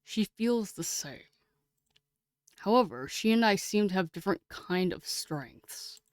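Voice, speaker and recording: A woman streamer reading a game aloud and chatting with her viewers, excitable and casually swearing. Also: medium pitch, measured pace, dry recording, clean studio sound.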